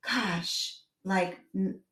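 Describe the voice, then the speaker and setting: A woman's voice: mid-range voice, drawn-out words, roomy sound, recorded from a distance. A woman co-hosting a podcast, chatting casually and acting out scenes from family life as she tells stories. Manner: animated storyteller, acts out family scenes. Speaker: podcast co-host. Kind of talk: casual chat.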